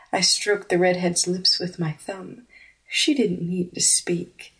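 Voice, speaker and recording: Female audiobook narrator, mid pitch, slow measured first-person read.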